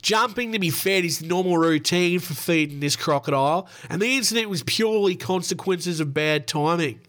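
A man with an Australian accent voicing a plain-spoken male wildlife sanctuary owner, reading a statement slowly and mock-formally. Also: sits high, fairly bright tone. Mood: deliberate.

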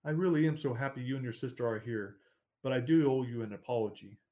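A man doing a soft-spoken old grandmother. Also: medium pitch, fast, close to an everyday voice. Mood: apologetic. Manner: gentle, soothing.

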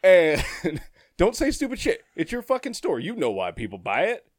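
A man tells a story in a casual chat, his pitch swinging widely as he goes. He swears freely and laughs often, and the sound is close and dry with no room echo. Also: normal speed. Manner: profane, animated, laughs often.

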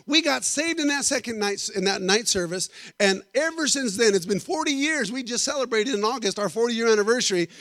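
A middle-aged man preaching a sermon, telling animated stories and joking with the congregation. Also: very high voice, dry recording. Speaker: guest preacher. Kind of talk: storytelling sermon.

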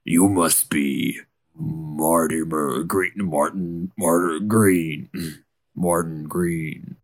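A man voicing a gravelly male hunter in a tabletop game, using a put-on Southern drawl and a slow, dry, teasing manner. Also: extremely low pitch, steady tone, heavily acted. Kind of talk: tabletop role-play.

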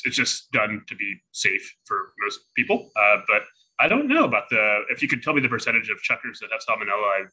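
Fast-talking bright husky man. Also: fairly low pitch, low-quality recording. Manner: fast, laughing, teasing. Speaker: chef guest. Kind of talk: casual chat.

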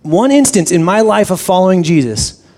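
Guy pastor, kinda high voice, telling a story in his sermon, lots of restarts. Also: moderate pace. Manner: animated storyteller with frequent restarts.

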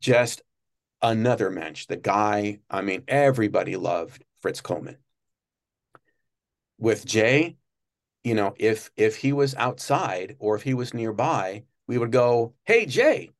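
A man being interviewed, telling long, rambling stories about his work at a TV studio and breaking into quick impressions of people. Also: fairly low pitch. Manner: rambling, many restarts, animated when mimicking others. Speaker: guest recalling work at a TV studio. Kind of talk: casual interview storytelling.

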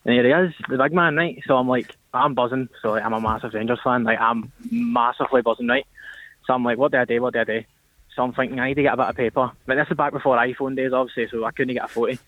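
A man's voice: mid-range voice, steady tone, quick pace, no room sound. A young caller on a tinny phone line, telling a story with lots of energy. He acts out the voices of the people in it, and the sound is thin and dry. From Northern Ireland.

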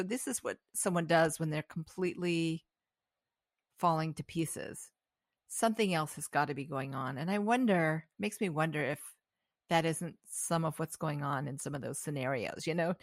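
A woman hosts a podcast interview with a fairly low, gravelly voice. She asks gentle, probing questions. The sound is dry and close to the mic. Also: dry recording. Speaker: podcast host. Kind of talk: interview conversation.

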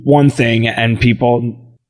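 A man's voice: medium pitch, steady tone, slow pace, soft background music. A man co-hosting a podcast, ranting in crude casual banter and laughing often. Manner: profane, laughs often, rants. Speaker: podcast co-host.

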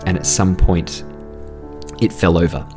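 A man's voice: low-pitched, level tone, measured pace, a little mellow, faint music behind. A man running a tabletop game as dungeon master, describing scenes and teasing his players with frequent laughs. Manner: laughs often, playful teasing.

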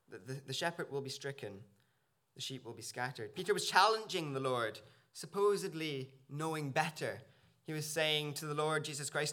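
Bright-toned earnest man preaching. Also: fairly high pitch. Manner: earnest, searching, with small restarts. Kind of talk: sermon. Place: church.

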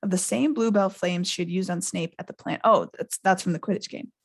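A woman hosting a podcast, reading a novel aloud in a lively way. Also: on the low side, brisk, slightly rough. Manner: lively, laughs often. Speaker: podcast host.

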